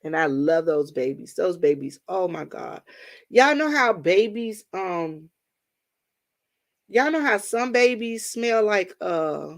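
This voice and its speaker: Slow and expressive, with a fairly low pitch, a D.C. woman runs a livestream where she tells stories and casually chats with viewers she calls y'all.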